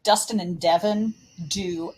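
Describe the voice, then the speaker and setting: A woman's voice: fairly low pitch, fairly even intonation, measured pace, a little mellow, poor audio. A woman chatting casually and enthusiastically as a player on the show. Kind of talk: casual chat.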